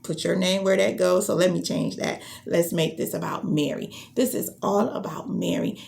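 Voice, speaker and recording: A woman's voice: on the low side, steady tone, moderate pace, vocal fry, hardly any pauses, darkish tone, a little hiss or hum. A woman business trainer teaching how to launch a business, acting out sample greetings and introductions as she goes.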